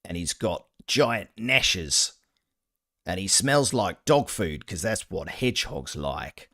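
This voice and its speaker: A man putting on an Australian accent to play a proud breeder of a hedgehog-hunting dog, boasting slowly and deadpan. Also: low-pitched, exaggerated voice. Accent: put-on Australian.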